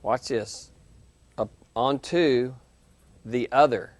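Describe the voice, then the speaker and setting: A man lecturing a university class in a conversational, animated way, acting out quoted reactions. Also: medium pitch, takes it slowly, no echo. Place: lecture hall, televised class.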